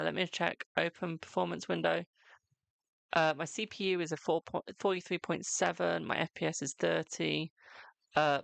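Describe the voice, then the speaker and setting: A man's voice: fairly high pitch, vocal fry, fairly bright tone, no room sound. A British man chatting casually on a live stream as a tarot reader, talkative and self-mocking, swearing now and then.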